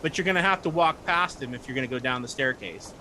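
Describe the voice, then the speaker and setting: A man's voice: mid-range voice, fast talker, bright, forceful tone, slight background noise. A man narrating as game master of a tabletop game, rambling through scenes with many fillers.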